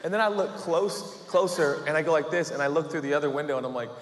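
A man in his forties preaching a sermon, telling a self-mocking story with sudden excited outbursts. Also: a little high, quick pace, slight background noise. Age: 40s. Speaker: pastor. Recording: long hall reverb.

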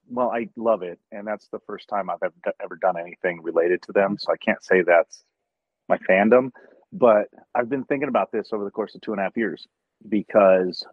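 A man's voice: deep voice, breathy edge, no room sound, lo-fi sound. A man who manages talent at conventions, in casual podcast chat, earnestly telling stories and acting out the conversations in them.

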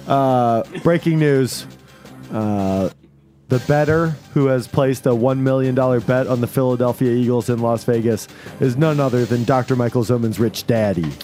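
A man co-hosting a podcast, joking casually with deadpan, mock-serious bits. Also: mid-range voice, normal speed, faint music behind. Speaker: podcast co-host. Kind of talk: casual comedic banter.

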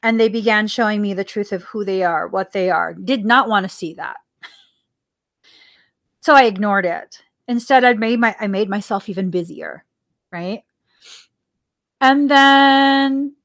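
A woman's voice: a little high, a little slow, pauses often, fairly bright tone. A woman hosting a spiritual podcast, musing earnestly about her own life, asking herself questions and laughing often. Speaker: podcast host. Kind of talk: reflective spiritual talk.

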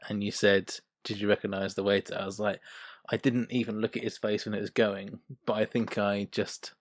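A man's voice: fairly low pitch, level tone, normal speed, no room sound. A man co-hosting a podcast, chatting casually and animatedly as he recaps a sitcom episode. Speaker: podcast co-host.

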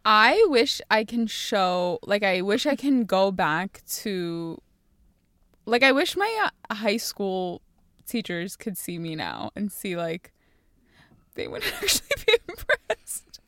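A woman in her twenties co-hosting a casual podcast chat, animated, laughing often and acting out quotes. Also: mid-range voice, takes it slowly, dry recording, clean studio sound. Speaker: podcast co-host.

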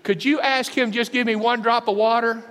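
A man acting out a rich man in torment who pleads for a drop of water, his voice pitched high and strained. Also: fairly even intonation, normal speed, fairly bright tone. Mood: pleading. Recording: long church hall reverb.

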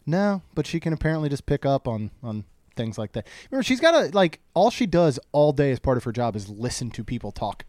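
A man's voice: medium pitch, very animated, brisk, few pauses, darkish tone, dry recording. A man co-hosting a casual podcast, trading dry, joking banter. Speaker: podcast co-host. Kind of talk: casual chat.

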